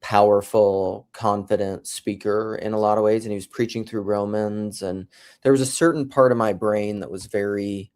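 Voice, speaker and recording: Low-voiced middle-aged man telling a story. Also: fairly even intonation, moderate pace, a little mellow. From South Dakota, USA. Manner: rambling, self-interrupting storyteller. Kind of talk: casual conversational chat.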